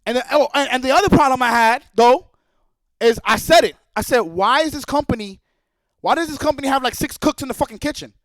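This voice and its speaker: A man's voice: extremely high pitch, expressive, brisk, a bit bright, no echo. A man streaming a heated, profane rant, repeating his points with anger. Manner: angry, profane, repetitive.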